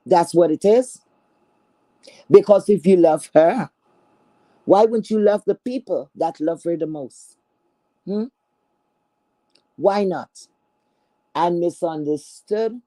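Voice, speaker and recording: She's an online streamer with a lowish, warm voice who talks slowly and leaves long pauses. Her callout is angry and profane, confrontational and disdainful, marked by repeated lines and stammering false starts.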